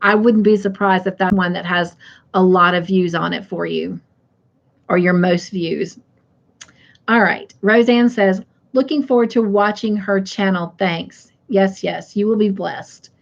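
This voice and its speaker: A woman's voice: mid-range voice, unhurried, gravelly, dull audio. A middle-aged woman hosting a casual crafting live stream. She reads viewer comments aloud in a chatty way and laughs easily.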